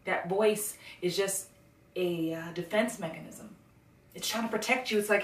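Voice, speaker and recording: A woman working as a success coach, giving a lively motivational talk and acting out the voices she quotes. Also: medium pitch, normal speed, echoey room, distant mic.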